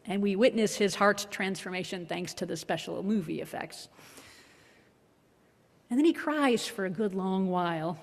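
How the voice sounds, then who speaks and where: A woman minister giving a reflective, measured sermon with a gently wry touch. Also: mid-range voice, creaky. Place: worship hall. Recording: long hall reverb.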